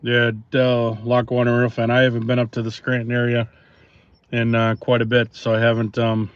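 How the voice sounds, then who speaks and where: A man chatting casually with viewers on a live stream, relaxed and rambling, with many pauses and fillers, recorded on a phone outdoors. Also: mid-range voice, smooth, no echo. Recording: dull lo-fi phone audio, faint noise.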